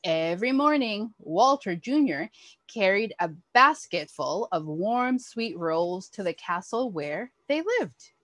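A woman reads a children's picture book aloud at a slow, careful pace, her pitch rising and falling with lively expression. The sound is dry and close, with no room echo. She tells the story in an animated, expressive way for young listeners. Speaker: early childhood educator.

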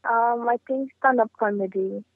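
Female comedian and actress being interviewed; relaxed and chatty, dry recording. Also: a little high, moderate pace, no room sound, narrow, tinny audio. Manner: chatty, leans on "you know". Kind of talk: casual interview answers.

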